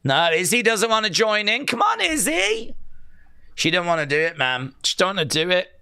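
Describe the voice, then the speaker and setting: A man giving excitable, jokey play-by-play on a live wrestling watch-along and reading viewer comments aloud. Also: high-pitched, normal speed, creaky, clear, resonant tone, no echo, clean studio sound.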